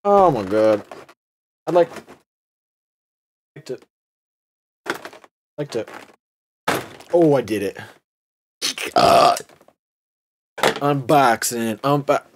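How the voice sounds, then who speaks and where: A man's voice: medium pitch, expressive, very slow, pauses often, a little hiss or hum. A young man hosting an unboxing video, talking in a casual, sarcastic and rambling way.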